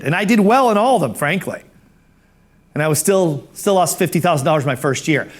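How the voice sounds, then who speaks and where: A man with a somewhat high voice tells a personal story in an animated way. He acts out the other people he quotes and clears his throat every so often. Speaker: speaker telling his story. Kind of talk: storytelling talk.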